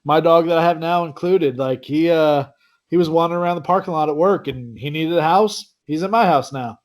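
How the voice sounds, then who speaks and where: A man guesting on a casual podcast, laughing often and swearing as he talks. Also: a little high. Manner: laughing, slow and lively, swears.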